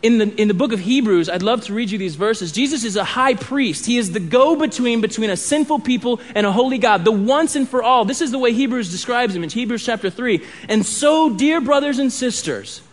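A man's voice: very high-pitched, fairly quick, few pauses. A man in his thirties preaching a sermon in a conversational way, with restarts and asides. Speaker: pastor.

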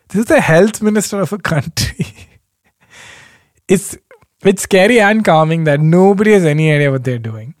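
A man's voice: fairly high pitch, animated, moderate pace, pauses often, no echo. Man, solo podcast host, loose rambling chat, chuckles a lot, dry close sound. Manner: rambling, self-deprecating, chuckles often.

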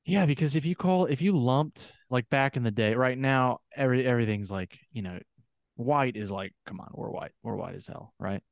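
A man's voice: medium pitch, moderate pace, creaky, no room sound, studio quality. A man co-hosting a podcast in casual chat, rambling and trailing off with frequent laughs. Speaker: podcast co-host.

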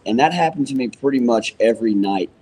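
A rodeo announcer with a medium-pitched, breathy-edged voice talks fast through his stories in a casual museum interview. He's an animated storyteller who performs the quoted dialogue, and the recording quality is low.

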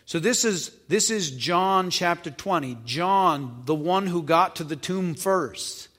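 A male preacher with a fairly high, fairly bright voice slowly and animatedly works through a Gospel passage, reading each verse and explaining it in plain, conversational terms. He asks his listeners questions along the way, his voice ringing into a long reverb like a church hall.

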